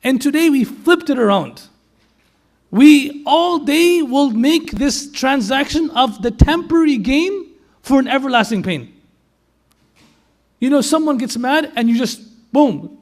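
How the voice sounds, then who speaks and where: Male preacher, very high voice, animated storyteller who questions the listeners and mixes in Arabic and Urdu phrases. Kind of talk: storytelling sermon.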